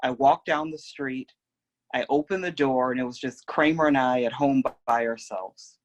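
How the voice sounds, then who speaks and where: A young man shares a personal story in a calm, reflective way. His voice sits at an ordinary middle pitch, and he takes his time. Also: normal speed, dull audio. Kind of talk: personal oral history storytelling.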